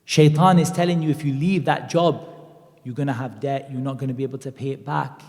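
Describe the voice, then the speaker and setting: A man giving an animated, conversational Islamic lecture, sometimes acting out the voices he quotes. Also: medium pitch, fairly quick, vocal fry, long reverb tail. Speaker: preacher. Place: mosque lecture hall.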